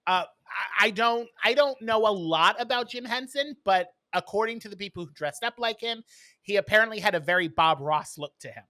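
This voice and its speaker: A man with a bright, forceful voice co-hosts a casual podcast. He tells stories bluntly and with plenty of snark, in a dry, close sound. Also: high voice, a little fast, dry recording. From New York. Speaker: podcast co-host. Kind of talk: casual chat.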